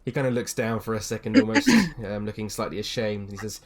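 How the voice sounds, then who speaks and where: A young man running a tabletop game as dungeon master, narrating scenes with frequent pauses and restarts. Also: on the low side, sing-song. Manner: hesitant, many ums and restarts, slips into character voices.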